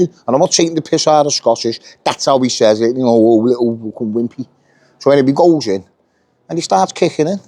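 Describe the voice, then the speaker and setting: A man's voice: medium pitch, expressive, quick pace, dark tone, dry recording. A middle-aged British man telling a workplace story in casual, blunt speech, swearing a lot and acting out the lines of others. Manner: blunt, heavy swearing, acts out quoted dialogue. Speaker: union member telling his story.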